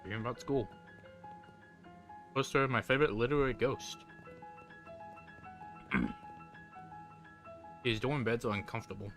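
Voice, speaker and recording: A man's voice: medium pitch, measured pace, long pauses, a bit bright, faint music behind. A man casually commenting on a game and reading its text aloud as he plays. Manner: casual, offhand remarks. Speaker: gaming video host.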